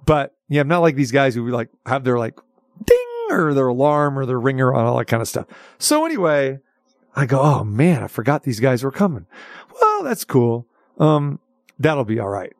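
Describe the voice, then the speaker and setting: A male talk show host telling a long story in a chatty, animated way, with lots of restarts. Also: medium pitch, normal speed, no room sound, studio quality. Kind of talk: casual storytelling chat.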